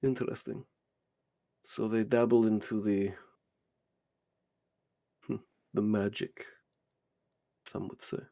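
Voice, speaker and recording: A man voicing a cold, imperious male lord who speaks slowly and quietly with quiet menace. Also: fairly low pitch, level tone, creaky, dry recording, voice pushed down. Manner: slow, hushed, menacing.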